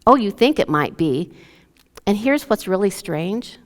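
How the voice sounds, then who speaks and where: A woman's voice: medium pitch, very animated, unhurried. A woman pastor preaching a sermon and telling a story, acting out the lines of both speakers. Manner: storytelling, acts out dialogue with her dad. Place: church sanctuary. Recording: long church hall reverb.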